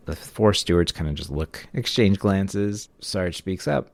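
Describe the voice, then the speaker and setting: Deep-voiced man narrating a solo tabletop game. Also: lively intonation, a little slow, few pauses, dry recording. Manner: loose storytelling with restarts and asides. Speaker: solo game master and podcast host.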